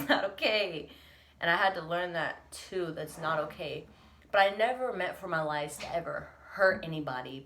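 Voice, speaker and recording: Young female vlogger, lowish voice, earnest confessional talk, near tears. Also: fairly bright tone, a little hiss or hum. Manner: earnest, reflective, laughs through emotion. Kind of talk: candid confessional vlog.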